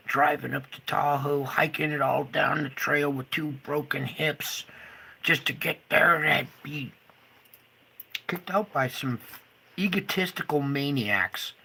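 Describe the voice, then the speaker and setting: A man ranting furiously to camera, swearing and swinging between loud outbursts and low muttering. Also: gravelly, breathy edge. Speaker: video creator. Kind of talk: angry monologue to camera.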